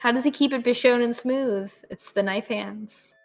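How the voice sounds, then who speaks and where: A woman's voice: fairly high pitch, moderate pace, vocal fry, soft background music. A woman co-hosting a casual game stream, joking and reading viewer comments aloud. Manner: jokey, reads chat comments aloud. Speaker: stream co-host.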